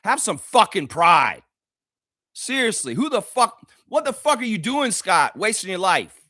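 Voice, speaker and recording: A man's voice: sits high, very animated, a little slow, pushed and bright, no echo, studio quality. A man hosting a live basketball reaction show, ranting heatedly and profanely at the players. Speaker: sports reaction host.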